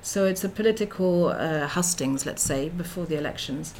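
A woman's voice: deep voice, moderate pace, darkish tone, slight background noise. A middle-aged woman giving an academic lecture as a researcher, speaking thoughtfully with frequent fillers and restarts.

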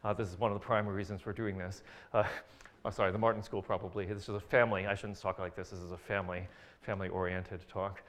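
A man's voice: deep voice, level tone, quick pace. A man giving an academic science lecture over slides, hesitant with many fillers and restarts, with dry jokes.

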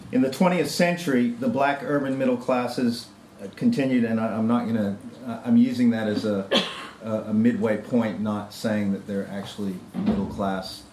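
A man's voice: medium pitch, darkish tone, slight background noise. A man giving an academic conference talk, reading a prepared paper with hesitant ad-libbed asides. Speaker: lecturer. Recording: roomy lecture-hall echo.

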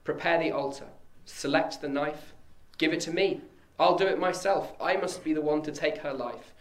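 A man's voice: fairly high pitch, normal speed, voice pushed up, lightly acted. A man voicing a grim father king, anguished but resolute, as he reads a verse drama aloud. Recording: echoey room.

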